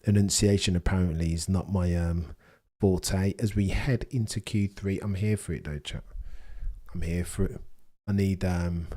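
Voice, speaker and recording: A man's voice: low voice, steady tone, normal speed, mellow. A young man hosting a live stream, chatting casually and joking with his chat while reacting to the action.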